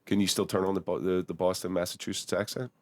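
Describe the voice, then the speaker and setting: A man's voice: deep voice, little pitch movement, quick pace, a little mellow, dry recording. A man hosting a podcast interview, curious and rambling, often restarting his sentences. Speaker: podcast host. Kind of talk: casual interview.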